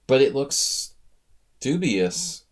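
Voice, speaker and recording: With a sing-song, mid-range voice and drawn-out words, a man casually reviews viewers' chess games during a live-stream coaching session. He's chatty, thinks out loud, and addresses the audience directly.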